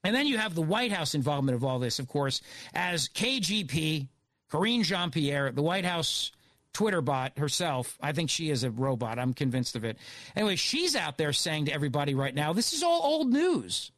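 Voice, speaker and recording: A man hosting talk radio, riffing in a sarcastic, digressive monologue. His voice sits high and swings all over the place. The studio sound is dry and close. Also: expressive, normal speed, fairly bright tone, no room sound. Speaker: guest radio host.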